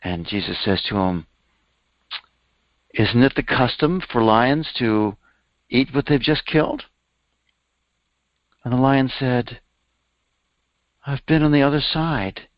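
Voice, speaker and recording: Male spiritual teacher, animated storyteller, mid pitch, dry dull recording. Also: slow pace, pauses often, no room sound. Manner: animated storyteller, voicing characters with raised pitch. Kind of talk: storytelling sermon.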